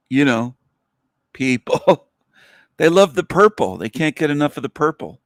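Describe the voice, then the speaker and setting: Male livestream host, slow drawling delivery, mocking and crude, dry close mic. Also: medium pitch, no echo. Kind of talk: casual livestream monologue.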